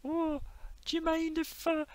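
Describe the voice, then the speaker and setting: Man doing a shrill mocking Geordie comedienne. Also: monotone, a little slow, a little mellow, no room sound. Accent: exaggerated Geordie. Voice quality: shrill, twee, singsong. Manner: mocking, jokey self-satisfied laughs. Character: mocking impression of a chirpy female northeast comedian. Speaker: streamer.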